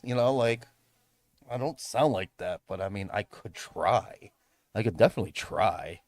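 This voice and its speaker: Young male streamer, chatty and rambling, lively pitch, dry close mic. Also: moderate pace, no room sound. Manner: rambling, many fillers and restarts. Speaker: livestreamer. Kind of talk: casual livestream chat. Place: home room, tidying up.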